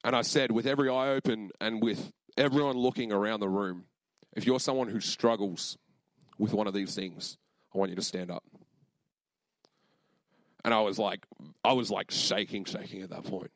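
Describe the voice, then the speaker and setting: A man's voice: lowish voice, fairly even intonation, normal speed, dry recording. A young man preaching a sermon, telling a personal story in a casual, earnest way with many fillers and moments of emotion.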